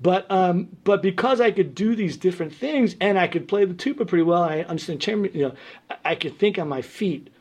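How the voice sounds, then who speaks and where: A man from New York tells stories in a loose, chatty interview. He is animated and often breaks into laughs. His voice sits a bit high for a man. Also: fairly quick, breathy edge. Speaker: guest musician. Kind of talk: casual interview storytelling.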